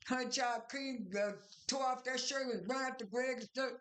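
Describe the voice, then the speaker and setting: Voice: high-pitched, steady tone, normal speed, fairly bright tone, roomy sound. A speaker casually recapping a reality show at home, rambling through scenes with many fillers, restarts and retold dialogue.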